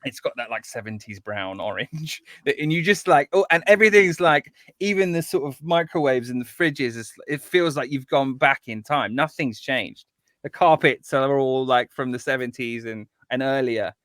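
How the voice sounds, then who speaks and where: A man's voice: medium pitch, animated, moderate pace, a bit bright, dry recording, studio quality. A man, a guest composer talking in a casual interview, eager and rambling with many restarts.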